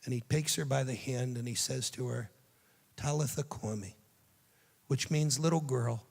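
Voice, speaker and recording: A man giving a youth sermon, telling the story dramatically and dropping to a hushed, tender voice for quoted lines. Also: medium pitch, normal speed, vocal fry, big-room sound. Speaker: youth speaker.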